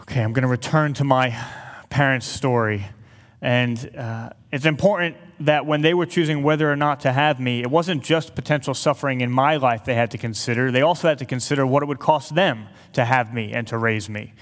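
A man's voice: mid-range voice, fairly quick. Guy preaching to a crowd, earnest storytelling w/ little jokes, mid voice, big echoey hall. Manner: earnest, with light humorous asides. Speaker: speaker to an audience. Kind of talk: sermon with personal storytelling. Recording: long hall reverb.

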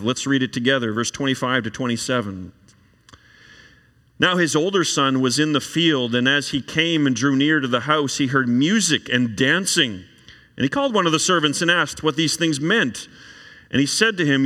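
A man preaching a sermon, reading scripture aloud and then explaining it in an animated way. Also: on the high side. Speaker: pastor. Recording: long reverb of a large hall.

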